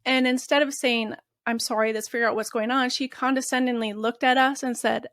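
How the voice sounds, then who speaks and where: A woman's voice: a little high, steady tone, fairly quick, hardly any pauses, fairly bright tone, no echo. Woman guest, earnest and emotional storytelling, dry close recording. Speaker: guest, mother of a patient. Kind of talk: interview storytelling.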